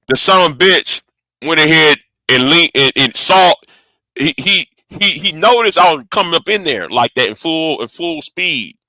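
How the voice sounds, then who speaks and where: A man's voice: a little high, sharp tone, dry recording. A man telling a story casually to camera, rambling, swearing freely and often stumbling and repeating words. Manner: rambling, profane, stammering repeats. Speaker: vlogger.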